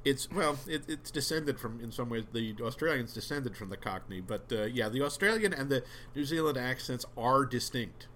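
A man's voice: medium pitch, expressive, moderate pace, hardly any pauses, bright, forceful tone, slight background noise. A man in casual conversation, rambling a little and often restarting his sentences, with a wry tone. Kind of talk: casual chat.

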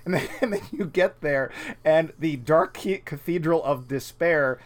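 A man in casual conversation, animated and laughing often, acting out lines in silly voices. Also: fairly high pitch, a little slow. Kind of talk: casual chat.

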